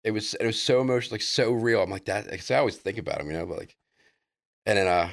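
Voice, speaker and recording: Man, very low voice, quick talker, podcast guest, rambling casual storytelling. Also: vocal fry, no echo, clean studio sound. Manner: loose, excitable, full of "like" and "dude".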